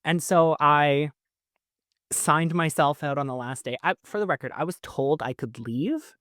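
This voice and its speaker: A man's voice: on the high side, measured pace, fairly bright tone, no room sound, studio quality. Chatty man telling a story. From Canada. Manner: chatty, lots of "like" fillers, laughs between lines. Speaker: podcast host. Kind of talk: casual storytelling.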